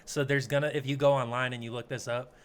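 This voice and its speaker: A man's voice: mid-range voice, flat delivery, quick pace, smooth. A man hosting a podcast, chatting easily and leading into each topic. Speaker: podcast host. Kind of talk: casual reaction chat.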